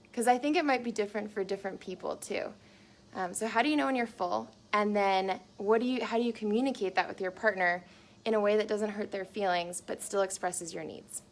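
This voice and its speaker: A young adult woman speaking live to viewers from her small home into a phone camera, in an earnest, chatty way full of likes and ums. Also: mid-range voice. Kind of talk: live-streamed casual talk to viewers.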